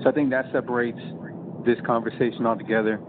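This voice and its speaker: Male podcast guest, thoughtful and searching for words; phone-line audio with steady hiss. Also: mid-range voice, quick pace. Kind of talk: casual podcast chat.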